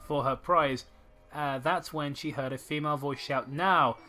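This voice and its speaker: A man's voice: a little high, fairly even intonation, moderate pace, music in the background. A man reading a story aloud as a podcast host, sarcastic and swearing as he rants about it. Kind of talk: comedic story reading and commentary.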